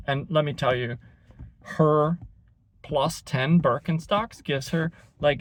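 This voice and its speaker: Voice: mid-range voice, unhurried. A vlogger casually telling an anecdote, rambling with lots of fillers and chuckles.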